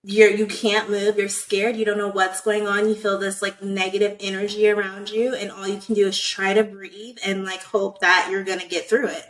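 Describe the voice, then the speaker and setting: A young woman telling a personal story in casual chat, animated and profane, full of "like" fillers. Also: medium pitch, moderate pace, few pauses, low-quality recording.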